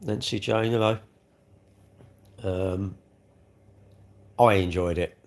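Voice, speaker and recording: A man hosts a casual livestream while eating cake, chatting and rambling with frequent chuckles. His voice is low-pitched and his pace slow.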